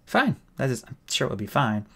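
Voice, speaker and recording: A man's voice: medium pitch, big pitch swings, a little fast, gravelly, pushed and bright, husky, full character voice. A man voicing a nervous, boastful young male elf officer who babbles when flustered.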